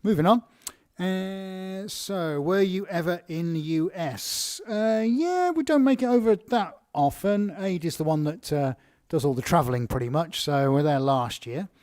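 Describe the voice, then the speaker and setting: A man's voice: high voice, measured pace, darkish tone, no echo, studio quality. A man with an English accent hosting a casual live Q&A, reading viewer questions aloud and answering with chatty fillers and restarts.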